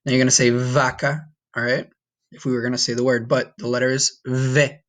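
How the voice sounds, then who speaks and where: A man's voice: medium pitch, flat delivery, fairly quick, a bit bright. A man teaching a recorded Spanish lesson, patiently repeating each sound and encouraging the listener.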